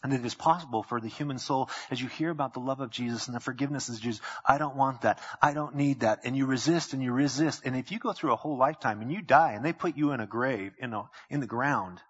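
A male pastor preaching a sermon, acting out quoted voices with sudden jumps in pitch. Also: fast, few pauses, breathy edge, muffled recording.

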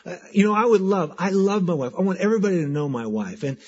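A man preaching a sermon as pastor, talking in an animated, conversational way and repeating words for emphasis. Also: high voice, quick pace, husky, lo-fi sound.

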